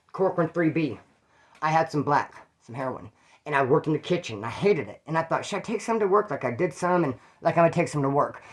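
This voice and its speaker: A man's voice: on the high side, fairly bright tone. Man, from Bakersfield, slangy, profane, rambling storyteller, casual monologue. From Bakersfield, California. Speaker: former prisoner telling stories.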